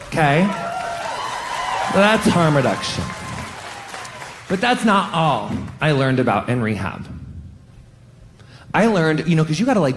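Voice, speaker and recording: A man doing a stand-up comedy set on stage, animated and swearing often, jumping up in pitch on punchlines. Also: slight background noise. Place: stage in front of a live audience.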